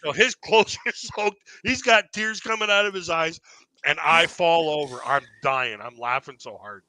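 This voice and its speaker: A man's voice: on the high side, normal speed, sharp tone, low-quality recording. A man hosting a live online comedy panel, telling a long rambling anecdote and laughing at his own story. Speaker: stand-up comedian host.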